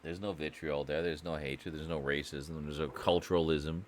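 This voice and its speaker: A man's voice: extremely low pitch, fairly even intonation, normal speed, a little hiss or hum. A man from Canada chatting casually on a stream, joking and mocking himself. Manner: joking, self-mocking, talks to absent chat. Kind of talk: casual live-stream chat.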